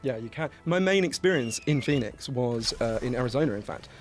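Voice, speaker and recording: A British man, a journalist, talking casually as a podcast guest, animated and swearing freely as he tells anecdotes. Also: medium pitch, a little fast, faint music behind. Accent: British English. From Britain.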